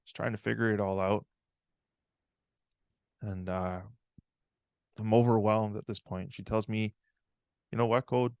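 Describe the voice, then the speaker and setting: A man's voice: on the low side, little pitch movement, unhurried, gravelly, pauses often, a little mellow, clean tone, no room sound, clean studio sound. A man giving a live online talk, telling a personal story in an earnest, reflective way and often checking in with "right?".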